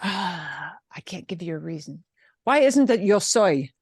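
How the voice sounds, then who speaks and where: A woman teaching a Spanish class, explaining grammar with lively emphasis and repeating example phrases. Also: lowish voice, measured pace, breathy edge, no room sound, studio quality. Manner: animated, emphatic, switches between English and Spanish examples. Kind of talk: online class instruction.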